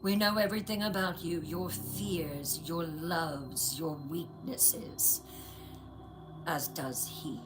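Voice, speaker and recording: A woman voicing a sinister shapeshifting witch with a Scottish accent, speaking in a hushed, menacing whisper. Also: low voice, takes it slowly, music in the background.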